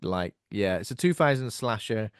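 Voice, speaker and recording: A man's voice: on the low side, animated, moderate pace, smooth, no room sound, studio quality. A man co-hosting a horror podcast in casual chat, laughing often and joking. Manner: laughs often, jokey and chatty. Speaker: podcast co-host.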